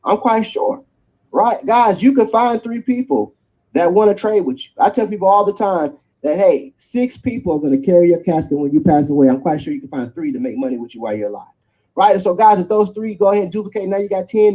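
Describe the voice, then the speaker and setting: Fast-talking high-voiced man pitching. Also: low-quality recording. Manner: energetic preacherly pitch, tag questions after each point. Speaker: network marketing presenter. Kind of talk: sales pitch presentation.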